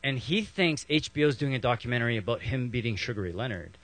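A man's voice: mid-range voice, lively intonation, fast talker, a bit bright, no room sound. A man in his thirties, a pastor, preaching a sermon in a conversational way, with rhetorical questions and playful acted asides.

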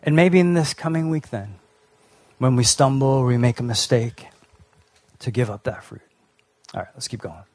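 Guy pastor from canada, chatty sermon, lots of ums and restarts, middle pitch, dry close sound. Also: moderate pace, pauses often, darkish tone, dry recording. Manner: conversational storytelling with fillers and restarts.

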